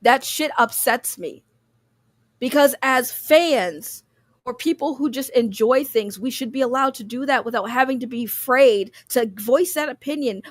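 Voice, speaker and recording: A woman's voice: high voice, no echo. A woman hosting a livestream and reading chat, ranting in an impassioned, profane way and getting emotional, close to tears. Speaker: streamer host.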